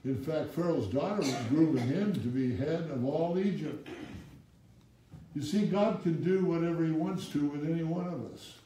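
Mellow-voiced preacher in an echoey church. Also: male voice, on the high side, normal speed, a little hiss or hum. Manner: animated preaching, prompting the congregation to finish verses; reads scripture in old-fashioned wording, with wry asides. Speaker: pastor. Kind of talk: sermon. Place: church sanctuary with congregation. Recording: echoey room, speaker far from the mic.

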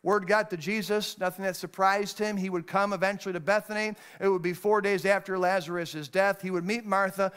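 A man, a pastor, preaching a sermon, moving between raised, emphatic lines and hushed, low passages as he reads scripture. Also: steady tone, a little fast, few pauses, clear, resonant tone. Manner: reads scripture in old-fashioned wording.

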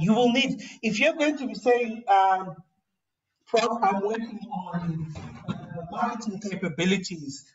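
The recording is dull, distant and lo-fi, with a male professor far from the mic as he lectures casually on writing. His voice sits high, and he keeps repeating himself and restarting his phrases.

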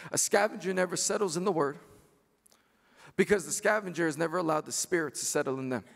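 A man's voice: fairly high pitch, quick pace, vocal fry, fairly bright tone, long reverb tail. A pastor in his thirties preaching a chapel sermon with emphatic, repeated phrases. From New York. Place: university chapel.

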